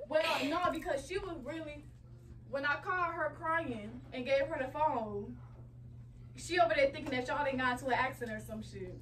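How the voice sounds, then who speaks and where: Woman, high-pitched, stern family voice, teasing, shuts things down flatly. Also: moderate pace, far from the mic, a little hiss or hum, rough recording. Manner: stern, teasing, firm refusals.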